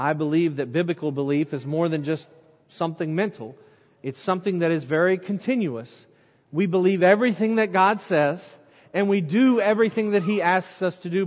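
A man preaching an evening sermon, emphatic, repeating words for stress and dropping to a low hush at the ends of phrases. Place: church sanctuary during an evening service. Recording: muffled recording with long hall reverb.

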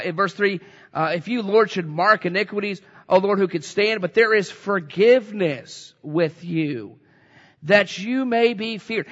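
A high-pitched man delivers an earnest, conversational sermon, often circling back and restarting his phrases. His voice carries a long reverb through the hall. The recording sounds slightly muffled. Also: a bit bright. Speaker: pastor.

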